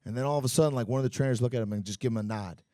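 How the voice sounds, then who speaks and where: A Muay Thai fighter talks very fast in a medium-pitched voice, swearing and full of fillers as he spins animated stories. The casual podcast interview takes place at a bar and grill, with clean studio sound and no room sound.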